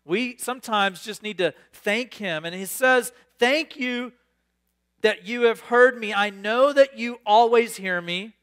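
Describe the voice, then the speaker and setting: Bright, high-voiced man preaching. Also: clean tone. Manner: animated, reads scripture then riffs with sudden bursts of excitement. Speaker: pastor. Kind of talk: sermon.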